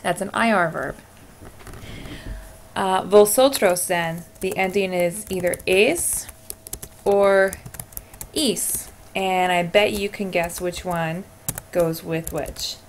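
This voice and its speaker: In a screencast lesson on Spanish verb endings, a woman with a fairly low voice speaks slowly, leaving long pauses. She encourages her students and talks through each answer as she types, with slight background noise in the recording.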